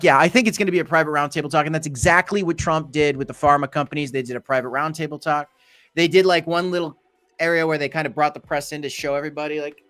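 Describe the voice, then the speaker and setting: A man hosts a loose crypto livestream and rambles his way through market talk, with lots of fillers and restarts along the way. His voice sits fairly high for a man. Faint music runs underneath. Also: fast talker, fairly bright tone. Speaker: crypto channel host. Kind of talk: casual livestream market commentary.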